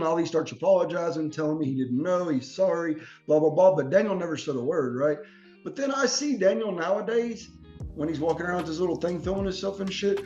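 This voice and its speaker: A man's voice: fairly high pitch, lo-fi sound. A man hosting a podcast, telling long rambling stories in slangy talk full of "bro" and swearing. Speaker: podcast host. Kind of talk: casual podcast chat.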